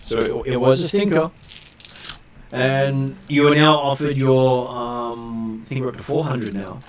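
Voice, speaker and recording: A man's voice: mid-range voice, steady tone, measured pace, a little hiss or hum. A man running a tabletop game as game master, easygoing and hesitant, with many fillers.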